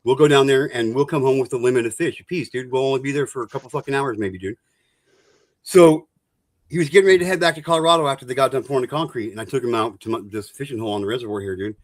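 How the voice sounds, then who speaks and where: A man's voice: medium pitch, rapid-fire, no room sound. A man in casual group chat, telling a boastful fishing story and swearing freely. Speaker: streamer.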